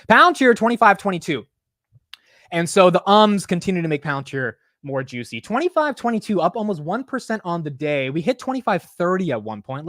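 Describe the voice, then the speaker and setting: Young man, stock stream host, swings his pitch all over, dry close sound. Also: fairly quick, no room sound. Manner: excitable, swears freely, mimics others. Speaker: market livestream host. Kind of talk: casual market commentary.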